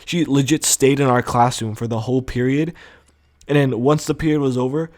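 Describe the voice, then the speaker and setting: A man's voice: medium pitch, fairly quick. A young man telling a story from school in a casual vlog, full of fillers and swearing. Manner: rambling, profane, animated storytelling with many fillers. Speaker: vlogger.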